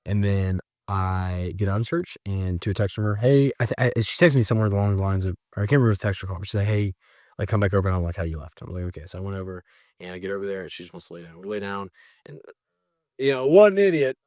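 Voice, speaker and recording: A man telling a personal story in a casual, animated way, mocking himself and jumping high when exasperated. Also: very fast, no room sound, clean studio sound. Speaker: storyteller recounting a breakup.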